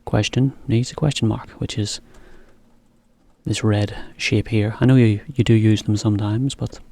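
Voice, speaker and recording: Low, gravelly man teaching English. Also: moderate pace, no echo. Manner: relaxed, explains with examples and small laughs. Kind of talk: casual English lesson for Japanese learners.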